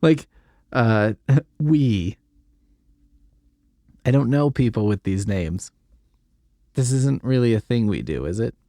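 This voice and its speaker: A man's voice: fairly low pitch, animated, moderate pace, dark tone, no room sound, clean studio sound. A male podcast host reading a silly story aloud and breaking off into sarcastic, incredulous comedic commentary, swearing casually.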